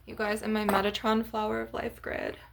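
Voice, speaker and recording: A woman's voice: mid-range voice, monotone, fairly quick, creaky, heavy background noise. A young woman vlogging casually to her viewers, rambling with lots of "like" and "you guys" as she shows off her crystals. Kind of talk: casual chat to camera.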